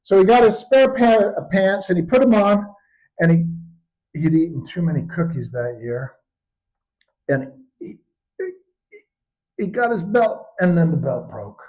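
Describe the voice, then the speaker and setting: An older man telling stories in an animated, expressive way at a live storytelling performance. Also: high voice, unhurried, pauses often, rough recording.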